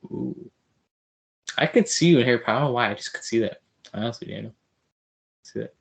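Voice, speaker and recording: A man's voice: mid-range voice, brisk, gravelly. A man hosting a podcast interview, teasing his guest and talking loosely with repeated fillers. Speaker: podcast host. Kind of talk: casual interview chat.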